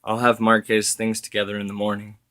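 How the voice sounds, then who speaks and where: A man voicing a grieving grandfather, an older man whose strained talk breaks into anguished shouts. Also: on the low side, monotone, fast. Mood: weary.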